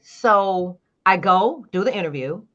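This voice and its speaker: A woman guest in a casual interview, telling a long story with lively acted-out quotes. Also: medium pitch, measured pace. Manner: animated storyteller acting out quoted dialogue. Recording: dull lo-fi sound.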